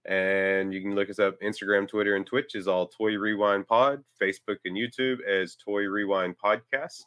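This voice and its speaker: A man co-hosting a toy podcast, casually running through the show's contact details in a brisk, upbeat way. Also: lowish voice, fairly even intonation, a bit bright, no room sound. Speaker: podcast co-host. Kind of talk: reading show plugs casually.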